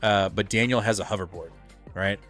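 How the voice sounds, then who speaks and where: A man co-hosting a live comic book show, talking in a rambling, excitable way with lots of filler words and casual swearing. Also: fairly low pitch, normal speed, soft background music. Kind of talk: casual live-stream chat.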